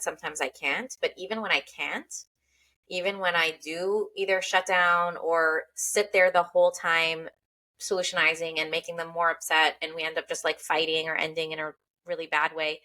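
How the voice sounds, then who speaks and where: Low, bright-voiced woman host. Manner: reflective, thinks aloud with restarts. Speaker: podcast host. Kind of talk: casual podcast chat.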